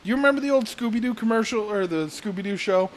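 A man's voice: high voice, expressive, quick pace. A man co-hosting a casual podcast, ranting with constant swearing. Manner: profane ranting, frequent swearing. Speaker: podcast co-host.

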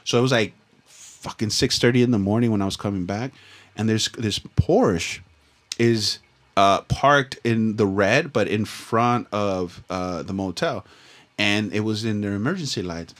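A man's voice: lowish voice, measured pace, fairly bright tone. Profane, slangy man from Southern California. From Los Angeles, USA. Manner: profane, slangy, rambling with restarts. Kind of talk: casual storytelling chat.

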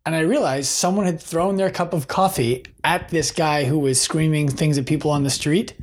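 A man's voice: on the high side, normal speed. A man guest on a podcast, talking earnestly in casual conversation and repeating words as he starts a thought.

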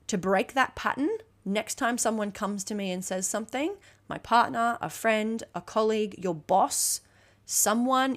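A young woman talks straight to her listeners on her own podcast, blunt and emphatic, with plenty of casual swearing. She keeps checking in with a quick "okay?" as she drives each point home, in a voice of ordinary middle pitch. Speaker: podcast host. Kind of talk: solo motivational podcast talk.

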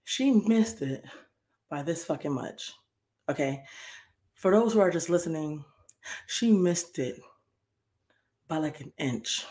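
A woman's voice: sits low, animated, takes it slowly, pauses often, warm tone. A young woman hosting a podcast, telling a story in a heated, profane, repetitive rant. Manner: heated, profane, repeats herself. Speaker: podcast host.

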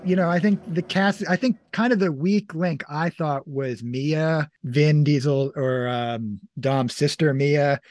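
A man's voice: a little high, a little slow, few pauses, darkish tone, no room sound. A man hosting a movie podcast, chatting casually and rambling with lots of filler words. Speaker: podcast host. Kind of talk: casual movie review chat.

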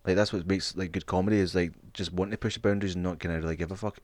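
Fast-talking man, casual podcast chat. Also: sits low, steady tone, a little mellow, no room sound. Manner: swears freely, laughs often. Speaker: podcast co-host.

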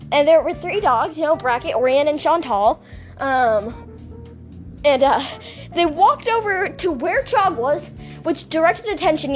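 Giggly high-voiced young woman rambling. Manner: giggly, rambling, self-mocking. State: voice cracking, dehydrated. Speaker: podcast host. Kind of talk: casual rambling chat.

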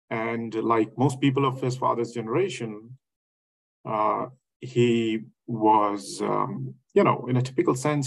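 A man's voice: on the low side, gravelly, poor audio. A man speaking as an academic in a reflective lecture style, hesitant, with many fillers and restarts.

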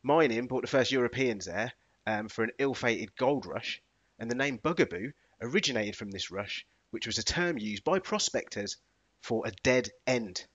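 A man co-hosting a podcast, telling stories in a playful, animated way. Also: mid-range voice, normal speed, husky, no room sound, lo-fi sound. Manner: animated, playful, bursts into sung and put-on voices. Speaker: podcast co-host. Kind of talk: casual chat.

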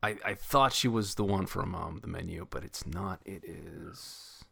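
A man's voice: sits low, a little slow, creaky, sharp tone, slightly rough, no room sound. A man co-hosting a podcast, giving blunt, offhand opinions and swearing freely. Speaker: podcast co-host. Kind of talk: casual chat.

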